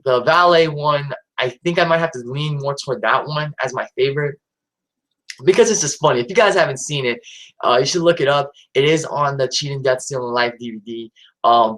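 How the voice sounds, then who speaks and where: A man's voice: mid-range voice, a bit bright, low-quality recording. A man hosting his own live stream, talking casually and hesitantly with lots of fillers and restarts. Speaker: channel host.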